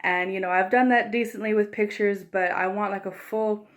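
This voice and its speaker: A woman's voice: mid-range voice, steady tone, moderate pace. A young woman vlogging in her home kitchen, talking casually into the camera mic in a rambling way and laughing often. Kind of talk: casual chat.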